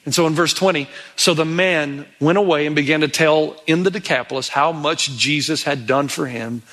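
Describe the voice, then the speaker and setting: Bright, high-voiced male preacher. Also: normal speed. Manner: animated preaching, acts out pleading voices of Bible characters. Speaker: pastor. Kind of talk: sermon.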